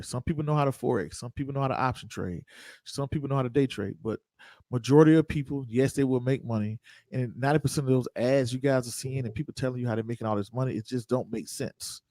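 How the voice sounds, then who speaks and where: A man's voice: mid-range voice, a little mellow, no room sound. A man hosting an investing livestream, talking loosely and joking with viewers, repeating his points. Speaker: host of investing show. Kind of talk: casual livestream talk.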